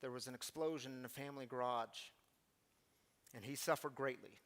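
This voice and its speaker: A middle-aged man who leads a recovery community speaks at medium pitch and a moderate pace, his voice a bit bright. He gives an earnest motivational talk, acting out pleading lines with rising intensity.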